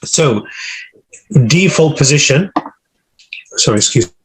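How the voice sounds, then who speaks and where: A man teaching Arabic over a video call, with a slightly husky voice. He runs through the vocabulary one word at a time and explains each grammar point patiently. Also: on the high side, lively intonation, slow, fairly bright tone. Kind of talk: online class teaching.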